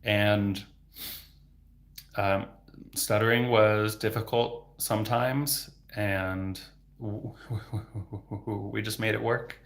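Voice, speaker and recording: A man's voice: lowish voice, fairly even intonation, slow pace. A man who stutters heavily, repeating sounds and words, answering questions casually as a livestream host. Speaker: livestream host and speech therapist.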